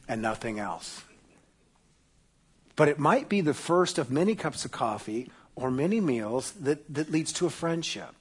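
A middle-aged man delivers a sermon as pastor in an easy, conversational way. His voice sits slightly high for a man, and he leans on self-deprecating humor. He drops to a quiet, hushed voice when he drives a point home.

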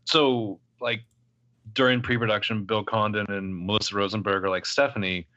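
A man with a low but bright, forceful voice cracks wry jokes in a casual chat. His audio sounds dull and lo-fi, as if it came through a weaker microphone. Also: flat delivery, moderate pace. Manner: joking, wry.

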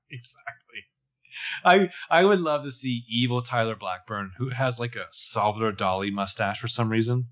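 A man's voice: medium pitch, measured pace, pauses often, fairly bright tone. Man, mid-range voice, podcast co-host, casual chat, joking, playful riffs. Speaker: podcast co-host recapping a TV episode.

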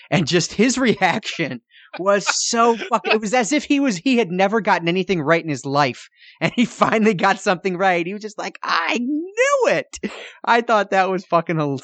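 A man co-hosting a film podcast, talking casually and excitedly, laughing and swearing as he reviews a movie. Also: on the high side, dry recording. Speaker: podcast co-host.

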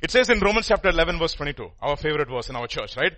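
A man preaching a sermon, swinging from hushed murmurs to loud stressed lines and slowing down to stress key words. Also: fairly high pitch, very animated.

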